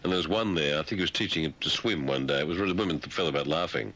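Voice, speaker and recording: A man's voice: very deep voice, quick pace, hardly any pauses, a bit bright, lo-fi sound. A man hosting a radio show with satirical commentary, mocking the news and slipping into silly voices. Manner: mocking, puts on silly voices mid-sentence. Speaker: radio host.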